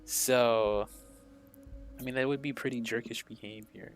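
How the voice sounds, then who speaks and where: A man streaming a game, animated and joking as he reacts aloud to what happens. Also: medium pitch, measured pace, faint music behind.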